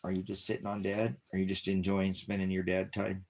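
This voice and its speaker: Man, very deep voice, husky, rambling casual monologue, chatting to his dog. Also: completely flat delivery, a little fast, a little mellow. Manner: rambling, talks baby-talk to his dog in bursts. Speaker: ministry vlogger.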